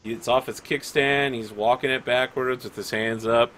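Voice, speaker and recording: A man's voice: medium pitch, fairly even intonation, normal speed, fairly bright tone. A man running a tabletop game as game master, patiently explaining how the rules work.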